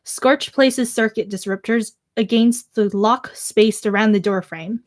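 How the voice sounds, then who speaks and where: A teenage girl reading a novel's first-person narration aloud in an amateur attempt at an Irish accent, halting and careful. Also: medium pitch, close to an everyday voice. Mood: measured. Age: teens.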